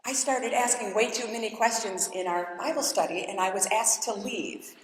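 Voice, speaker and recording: A woman giving an animated, dramatic testimony as keynote speaker at a church event, acting out what people said to her. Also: mid-range voice, normal speed, soft background music. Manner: animated, dramatic storytelling with voiced quotes. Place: large church. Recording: echoey church hall with long reverb.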